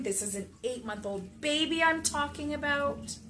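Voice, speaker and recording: A frank, emotional woman speaks in a slightly high voice and drives her points home by repeating short phrases. Her voice rings in a roomy space with a clear echo. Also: lively intonation, moderate pace, sharp tone. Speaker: mother and baby class instructor. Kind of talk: candid personal storytelling to camera.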